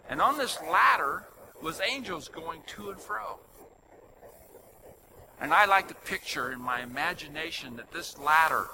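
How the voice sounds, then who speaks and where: An older man delivers a sermon in a fairly high voice that rises and falls with lively, animated swings. He tells his stories with loud emphasis that drops into soft asides. The recording carries clear background noise, including a vehicle hum. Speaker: preacher.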